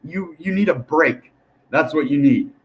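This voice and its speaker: Young guy rambling over crypto charts, fairly high voice, gets excited, keeps saying guys and dude. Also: unhurried. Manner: animated, rambling, addresses viewers as guys and dude. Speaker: crypto YouTuber. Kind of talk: casual chart commentary to camera.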